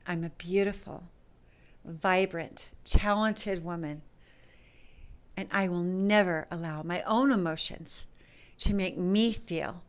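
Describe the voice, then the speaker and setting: A woman speaks to her viewers in a personal, unscripted way, her voice sitting a little low. She is blunt and emphatic, and now and then she sinks into a soft whisper. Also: takes it slowly, smooth. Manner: frank, emphatic, with whispered asides. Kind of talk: personal talk to camera.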